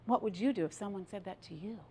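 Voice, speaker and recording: A middle-aged woman giving a motivational stage talk, playful and animated, drawing the audience into participation. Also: mid-range voice, quick pace, slight background noise. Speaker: speaker. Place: stage before a live audience.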